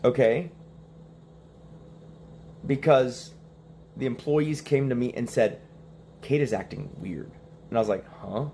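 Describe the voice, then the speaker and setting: A man's voice: medium pitch, slow, creaky, long pauses, warm tone, a little hiss or hum. A young man telling a story in casual stream talk, acting out the quoted lines and laughing between them.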